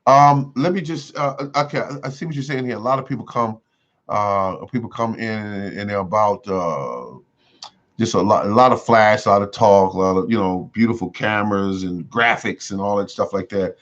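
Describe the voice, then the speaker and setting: Rambling, low-voiced man hosting a livestream. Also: moderate pace, fairly bright tone. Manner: rambling, repeats himself, many fillers. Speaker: host of a gardening livestream. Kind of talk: casual livestream chat. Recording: dull lo-fi sound.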